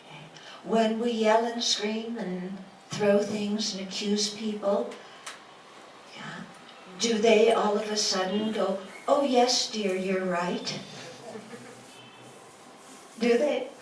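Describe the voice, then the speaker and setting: Speaking slowly at a medium pitch with fairly even intonation, a woman Buddhist teacher delivers a dharma talk. She poses rhetorical questions to her lecture-room audience and acts out quotes with a playful touch. The sound is noisy and echoey, picked up from a distance.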